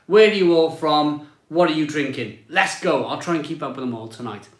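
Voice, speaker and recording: A man's voice: a little high, a little fast, echoey room. A man hosting a casual beer live stream, chatting and greeting viewers as he reads their comments aloud.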